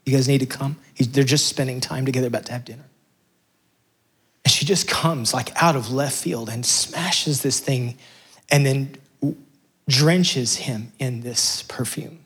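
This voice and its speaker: Husky, passionate male preacher. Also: mid-range voice, a little slow, fairly bright tone. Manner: passionate, rising to emphatic peaks. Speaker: pastor. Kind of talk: sermon.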